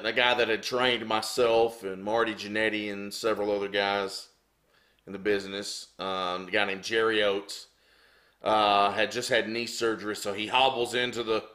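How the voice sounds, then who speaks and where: A man, a former wrestler, telling a backstage story with animated delivery and acted-out sound effects. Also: lowish voice, moderate pace. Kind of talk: anecdotal storytelling. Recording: roomy echo.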